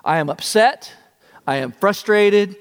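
A preacher voicing a fed-up leader scolding. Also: male voice, high voice, lively intonation, clean tone, big-room sound. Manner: stern scolding, drawn-out words. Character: exasperated aging male leader, fed up.

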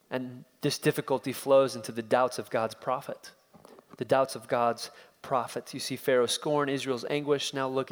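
A man's voice: medium pitch, a bit bright. Male preacher, expository sermon, dramatic and questioning, reverberant hall.

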